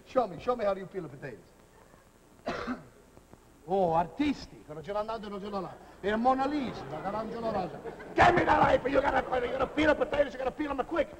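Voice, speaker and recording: In this live TV comedy sketch, an actor with a very high-pitched male voice plays a boisterous middle-aged Italian cook. He uses a mock Italian accent and blends broken English with Italian-sounding double-talk, all captured on a scratchy, hissy 1949 television recording.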